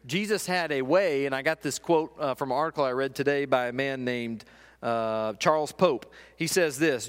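A man preaching a sermon in an earnest manner, dropping to quiet, slow passages and rising to emphatic ones. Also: mid-range voice. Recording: long hall reverb.

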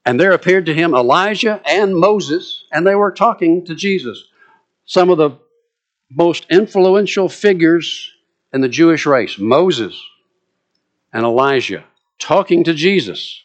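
A man with a Southern US accent delivers a sermon in a somewhat high voice. He brings scripture alive with animated, dramatic quoting. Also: unhurried, muffled recording. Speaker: preacher.

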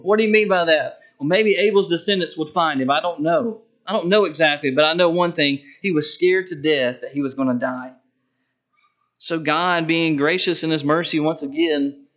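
A man preaching a sermon, emphatic, with sharp rises and drops in his voice for stress. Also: a little high, moderate pace. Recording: dull lo-fi recording.

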